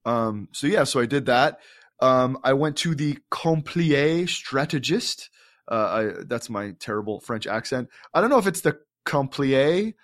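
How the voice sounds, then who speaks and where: A man's voice: medium pitch, lively intonation, moderate pace, a bit bright. A man co-hosting a podcast, telling an enthusiastic, rambling story in casual chat, full of fillers and restarts. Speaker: podcast co-host.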